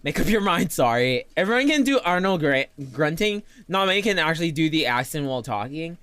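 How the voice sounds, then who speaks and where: A man streaming as a VTuber, chatting casually with viewers while he draws, playful and quick to laugh, often talking about himself in the third person. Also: a little high, big pitch swings, a bit bright, smooth, no echo. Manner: playful, laughs often, reads and answers chat. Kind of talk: casual livestream chat while drawing.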